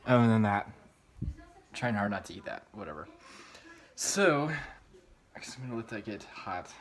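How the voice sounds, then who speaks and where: This rough recording catches a young vlogger, lowish-voiced and moderately paced, chatting excitably while he cooks at home. Over the sizzle of frying, he rambles, swears often, and fills the gaps with "like."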